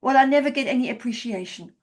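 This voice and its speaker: A woman speaks as an overworked husband, fed up and unappreciated, rattling off his grievances in a quick, exasperated rush. The voice sits fairly high for a man's part and stays close to her own. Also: lightly acted.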